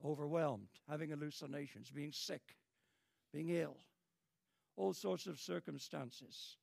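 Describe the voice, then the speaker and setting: Gravelly and somewhat dark, this older British man's voice moves a little slowly through an ardent sermon, repeating phrases and building dramatically in pitch and volume. Dry, clean studio recording.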